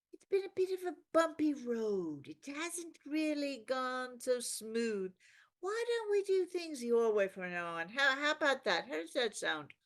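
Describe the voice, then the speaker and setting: A woman playing an upper-class English gentleman, hesitant and politely understated. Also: high voice, pitched above the performer's own voice.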